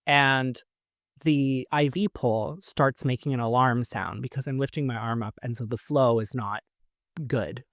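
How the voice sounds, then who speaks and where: A Canadian man hosts a podcast, telling a personal story in an unhurried, chatty way, with plenty of "like" fillers and laughs between lines. His voice is medium-pitched and a bit bright, with fairly even intonation. The studio-quality recording has no room sound.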